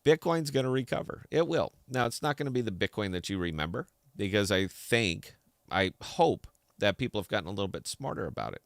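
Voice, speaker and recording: Man, low voice, clear tone, slight lisp, heated opinionated rant, dry close mic. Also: expressive, moderate pace, no room sound. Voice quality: slight lisp from a dental hole. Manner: heated, ranting, repeats words when worked up. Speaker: podcast host. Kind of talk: opinionated solo commentary.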